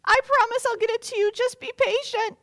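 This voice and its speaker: A woman's voice: very high voice, steady tone, brisk, fairly bright tone, pitched above the performer's own voice. A woman voicing a desperate male servant who pleads for more time to pay a debt, in a strained, begging tone. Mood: pleading.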